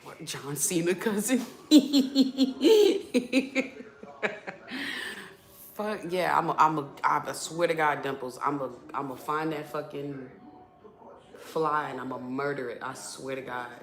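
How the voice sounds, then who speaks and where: A young woman with a low voice chats on a live stream, animated and full of profane, playful complaints. Her voice rings in an echoey apartment room. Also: normal speed. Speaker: streamer chatting with viewers. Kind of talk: casual live-stream chat.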